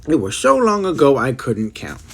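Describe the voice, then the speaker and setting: A man's voice: wildly swooping pitch, moderate pace, creaky, slight background noise. A man voicing a very old, kindly giant who talks in jumbled, mangled grammar. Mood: rambling. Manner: mangled grammar, booming cries.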